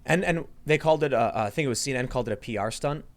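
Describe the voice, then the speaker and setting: A man hosting a casual podcast chat, telling a story fast and acting out the voices in it. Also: mid-range voice. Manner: quick, animated storytelling, acting out quoted voices. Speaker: show host.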